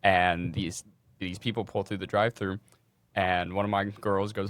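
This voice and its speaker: A young man co-hosting a podcast, telling work stories in a casual, animated way and swearing freely. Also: deep voice, normal speed. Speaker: podcast co-host. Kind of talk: casual storytelling chat.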